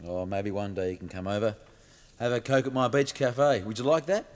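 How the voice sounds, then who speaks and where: A man's voice: on the low side, fairly quick, close to an everyday voice. An actor playing a friendly, upbeat visiting businessman. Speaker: actor in a TV drama. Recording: reverberant hall.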